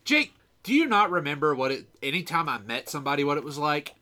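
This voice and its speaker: A man's voice: on the high side, very animated, fast talker, pushed and bright. A man co-hosting a podcast in casual chat, rambling and self-mocking as he goes. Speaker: podcast co-host.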